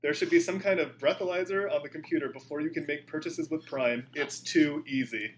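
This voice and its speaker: A man's voice: a little high, brisk, slight background noise. A man hosting a casual podcast guessing game, reading reviews aloud in a playful way. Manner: playful, laughs while reading.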